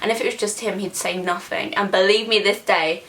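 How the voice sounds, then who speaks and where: A young woman, telling a storytime vlog in an animated, sweary, exaggerating way. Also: mid-range voice, brisk. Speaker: vlogger.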